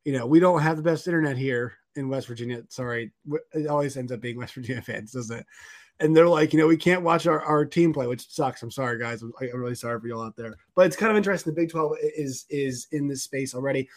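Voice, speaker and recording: A man hosting a sports podcast, talking casually and rambling with lots of fillers. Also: on the high side. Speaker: podcast host.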